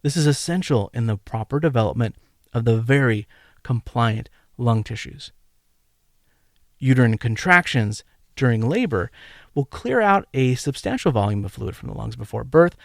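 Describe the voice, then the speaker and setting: A man hosting a medical teaching podcast, delivering a scripted lecture in a measured, emphatic way and counting out rhythms aloud. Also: mid-range voice, animated, creaky, no echo, studio quality. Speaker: podcast host and medical educator.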